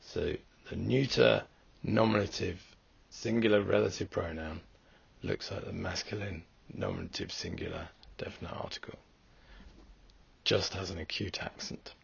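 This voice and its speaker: A man's voice: low voice, fairly even intonation, normal speed, creaky, breathy edge, muffled recording. A man teaching a language lesson, going through word forms step by step in a methodical way. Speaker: Greek teacher. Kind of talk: recorded lesson walkthrough.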